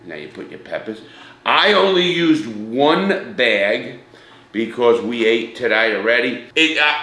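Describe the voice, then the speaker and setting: A man's voice: lowish voice, pushed and bright, a little hiss or hum. Chatty man hosting a cooking demo. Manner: chatty, talks straight to viewers as "people" and "guys". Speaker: cooking show host. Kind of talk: casual cooking demonstration. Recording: echoey room.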